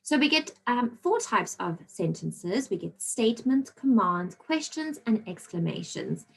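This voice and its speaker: A woman's voice: mid-range voice, big pitch swings, a little slow, creaky, husky, low-quality recording. A woman teaching a recorded grammar lesson to children, explaining patiently and checking in often with "okay?". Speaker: primary school teacher.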